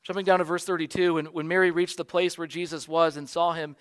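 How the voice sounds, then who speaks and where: An American man, a pastor, preaching a sermon in an earnest way, softly repeating key lines for emphasis. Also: a little high, flat delivery, fast.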